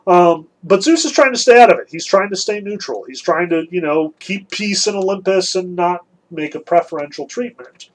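A man's voice: high-pitched, animated, normal speed, few pauses, poor audio. A man giving a casual lecture on a classic text, conversational and emphatic, with wry asides.

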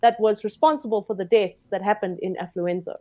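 A woman playing a tabletop role-playing game, speaking in a formal, measured way for her character. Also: medium pitch, fairly even intonation, narrow, tinny audio. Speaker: player. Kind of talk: casual tabletop play.

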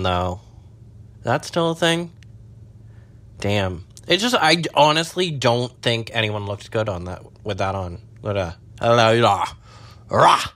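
A young man rambling and swearing in a casual monologue from his parked car, jumping between low mutters and high squeals. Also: fairly bright tone. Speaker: vlogger.

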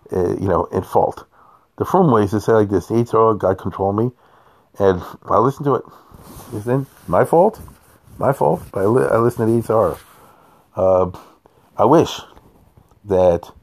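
An older man giving an informal Torah talk as a rabbi, blunt and rambling, often checking "you understand?". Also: lowish voice. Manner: rambling, blunt, peppered with Hebrew and Yiddish terms.

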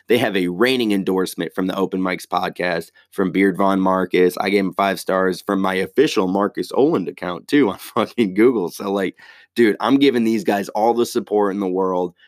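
Profane rambling podcast comic, low voice. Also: male voice, dry recording, clean studio sound. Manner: profane, rambling, animated storytelling. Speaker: podcast host, stand-up comic. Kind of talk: casual solo podcast rant.

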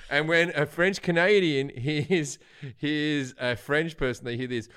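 A man's voice: a little high, unhurried, fairly bright tone, clear, resonant tone. A man hosting a casual comedic chat, telling stories and mimicking accents. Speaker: podcast host.

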